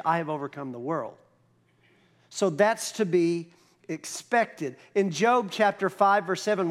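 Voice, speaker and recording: A man preaching a sermon as pastor, explaining scripture in a conversational, emphatic way. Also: high-pitched. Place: church.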